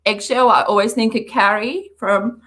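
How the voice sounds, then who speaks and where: A woman hosting a reaction livestream, talking in an animated, sarcastic way and laughing often. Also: medium pitch, normal speed. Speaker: livestream host.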